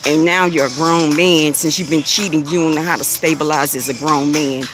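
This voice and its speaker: With music behind him, the man speaks at a moderate pace in a fairly high, steady voice. He's hosting a spiritual-readings stream, chatting casually with commenters, taunting them bluntly, laughing frequently and repeating his words.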